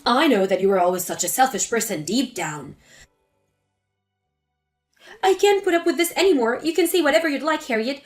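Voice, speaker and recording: A woman's voice: high voice, expressive, moderate pace, long pauses, faint music behind. A woman reading a dramatic family story aloud in a hurt, incredulous voice. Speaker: narrator.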